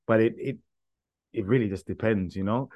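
A man co-hosting a casual podcast as a dance instructor, joking and halting with fillers. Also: fairly low pitch, darkish tone, highs cut off.

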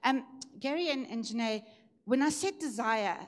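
A middle-aged woman delivers a Sunday sermon in a somewhat high voice. She preaches with emphatic energy, her pitch leaping up whenever she acts out a cry for help. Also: animated, normal speed. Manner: emphatic, swings pitch up for acted shouts.

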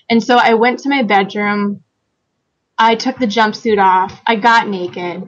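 A woman author chatting casually on a podcast, telling a personal story with lively acted-out quotes and frequent laughter. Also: on the high side, moderate pace, lo-fi sound. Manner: animated storyteller, acts out quotes, laughs often. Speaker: guest author.

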